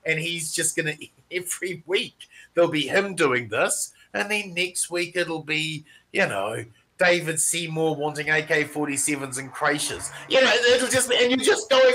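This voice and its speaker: Kiwi podcast guy, exasperated, rambles, bright sharp voice, bit high. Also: expressive, normal speed, rough recording. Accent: New Zealand. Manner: exasperated, rambling, laughs in disbelief. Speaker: podcast co-host. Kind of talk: casual political chat.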